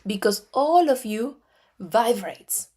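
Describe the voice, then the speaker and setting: A woman in her forties with an Argentine Spanish accent, teaching metaphysics in a slow, deliberate way with frequent restarts. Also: on the high side, lively intonation, dark tone. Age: 40s. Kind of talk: spiritual teaching talk.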